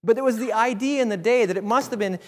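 A man preaching a sermon in an animated way, acting out the voices of biblical figures. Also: extremely high pitch, fast talker. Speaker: pastor. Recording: reverberant hall.

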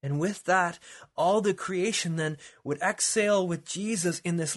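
A man preaching a sermon with a husky voice, dropping to quiet lines and then rising to loud, dramatic calls. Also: high voice, unhurried. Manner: dramatic, swings from hushed to shouting.

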